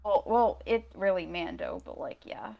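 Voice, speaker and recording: A woman's voice: on the low side, sing-song, moderate pace, vocal fry, dull audio. A woman co-hosting a casual fan podcast, chatty and upbeat. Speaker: podcast co-host.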